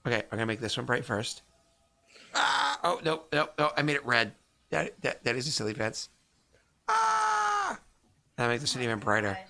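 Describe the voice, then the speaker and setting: A man's voice: mid-range voice, fast, gravelly, pushed and bright, a little hiss or hum. A man who runs the game and streams it, chatting casually and playfully from his home basement. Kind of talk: casual chat.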